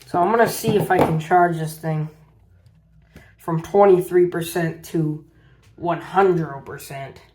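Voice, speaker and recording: A man's voice: a little high, fairly even intonation, unhurried, noisy background. A man casually reviewing a power bank on his channel, rambling and often repeating himself as he talks through the tests. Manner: rambling, repeats "as you can see". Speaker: tech reviewer. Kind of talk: casual product review vlog.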